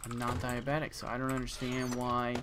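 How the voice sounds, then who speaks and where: A young man streams a game and chats with his viewers in a loose, sleepy way, yawning as he talks. His voice sits at an average pitch. Keyboard typing and clicks come through clearly behind him. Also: monotone, a little fast, background noise. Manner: tired, yawning, chatting to viewers. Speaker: gaming streamer. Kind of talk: casual gameplay commentary.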